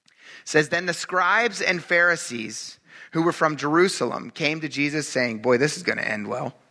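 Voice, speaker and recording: Animated, chatty male pastor preaching. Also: on the high side, normal speed, vocal fry. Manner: animated, acts out quotes in raised voice; casual, chatty, asks congregation "right?". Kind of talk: sermon.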